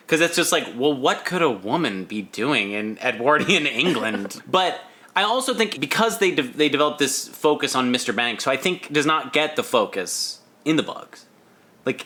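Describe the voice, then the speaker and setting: A man co-hosting a podcast, chatting casually about a film, laughing often and restarting his sentences. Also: medium pitch. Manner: lively, laughing, trails off and restarts. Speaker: podcast co-host.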